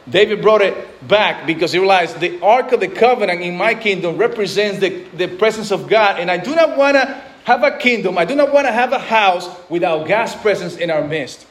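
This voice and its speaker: Earnest male pastor, high voice, preaching with restarts and repeated words. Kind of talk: sermon.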